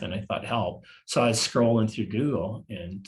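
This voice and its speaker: Halting, low-voiced man in his fifties. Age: 50s. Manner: halting and confessional, repeats words as he searches for them. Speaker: podcast guest. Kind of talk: personal storytelling interview.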